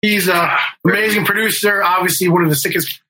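A man's voice: sits high, brisk, background noise. A middle-aged man telling a long story in casual interview talk, rambling with fillers and restarts and swearing. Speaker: guest, band member and music manager.

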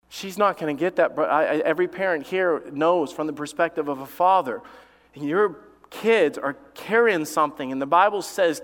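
A male pastor preaching with fervent, repetitive emphasis, his voice sitting a touch higher than most men's. He weaves family stories into the sermon. The sound carries a long reverb from a large church hall. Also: normal speed. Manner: tells family stories from the pulpit. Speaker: lead pastor.

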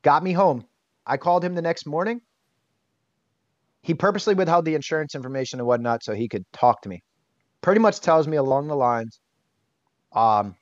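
A man being interviewed, telling a personal story in a candid, animated way and swearing casually. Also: fairly high pitch, a little fast, long pauses, no room sound. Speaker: interview guest. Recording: dull, dry sound.

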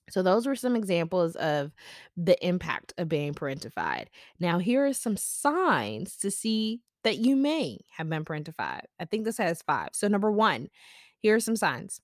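Low-voiced woman hosting a reflective talk. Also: no room sound, clean studio sound. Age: young adult. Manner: conversational, many fillers, personal asides. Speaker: podcast host. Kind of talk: casual reflective talk on psychology.

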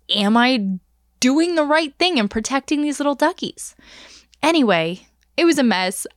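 A woman in her thirties hosts her own podcast and talks straight to listeners in a lively, chatty way. Her voice sits at an ordinary middle pitch. The sound is dry and close, with no room echo. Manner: animated, chatty, asks listeners directly. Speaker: podcast host. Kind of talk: casual storytelling monologue.

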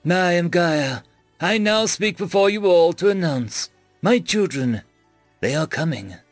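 A man's voice: high voice, lively intonation, unhurried, no room sound, soft background music, pitched above the performer's own voice. A man voicing a serene, commanding goddess-like woman who speaks in a sing-song proclamation. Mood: proclaiming.

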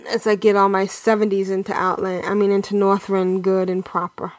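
A woman co-hosting a casual gaming podcast, chatty and quick to laugh between her remarks. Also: mid-range voice, level tone, no echo. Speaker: podcast co-host.

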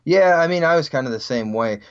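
Male co-host, mid pitch, joking and easy, muffled low-fi mic. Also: lively intonation, quick pace, clean tone. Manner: easygoing, laughs often, jokey. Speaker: podcast co-host. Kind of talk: casual retro gaming chat.

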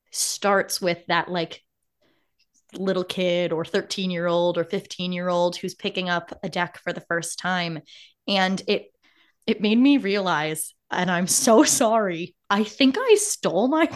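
A woman's voice: fairly low pitch, measured pace. A woman hosting a podcast in casual chat over a remote call, effusive and emotional and laughing often. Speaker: podcast host.

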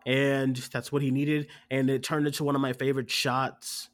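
Medium-pitched and moderately paced, this co-host of a casual movie reaction show describes his time at the theater with lots of energy. He brings quotes to life, curses, and laughs frequently as he tells it.

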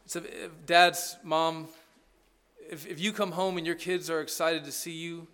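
A man's voice: on the high side, steady tone, measured pace, a bit bright. A middle-aged man preaching a sermon in a casual, joking way, often checking in with "right?". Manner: conversational, sarcastic humor, asks "right?" often. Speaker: pastor.

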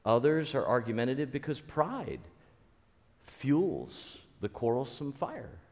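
Earnest preacher man in a reverberant hall. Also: mid-range voice. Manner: earnest, repeats key phrases, frequent restarts. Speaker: pastor. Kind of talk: conversational sermon.

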